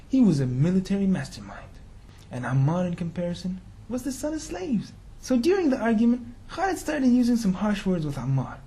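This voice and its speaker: With a mellow voice that sits high, this preacher recounts a religious story in his sermon. His style is casual and slangy, peppered with rhetorical questions aimed at the audience.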